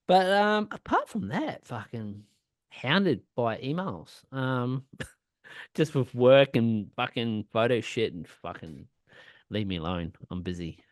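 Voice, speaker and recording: A man's voice: mid-range voice, animated, takes it slowly, no room sound. An Australian man in his forties, co-hosting a podcast in a loose, sweary, rambling chat with lots of laughing. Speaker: podcast co-host. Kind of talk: casual chat.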